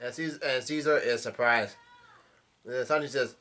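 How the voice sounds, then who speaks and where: A man giving a casual, halting recap of a comic chapter, often restarting his sentences as he retells scenes. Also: medium pitch, bright, forceful tone. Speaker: manga chapter reviewer.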